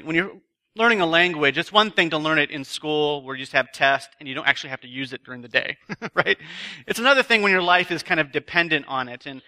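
At a retreat, a man with a fairly high, pushed and bright voice gives a chatty sermon to a live audience. He weaves in humorous, self-deprecating personal stories.

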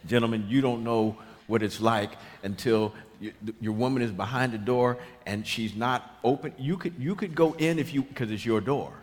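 Animated preacher man in a big echoing hall. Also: fairly low pitch. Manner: animated, shouting punchlines, acting out dialogue. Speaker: pastor. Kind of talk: preaching with comic storytelling. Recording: large hall reverb with clear ambient noise.

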